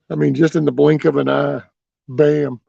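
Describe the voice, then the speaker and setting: A man with a drawl talks through a casual livestream in a gravelly voice with a rough edge, telling loose, folksy stories and answering viewers. His sound is close and dry, with no room around it. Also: fairly high pitch, darkish tone, dry recording, dull audio. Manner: rambling, folksy storytelling with mild cursing. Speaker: livestream host.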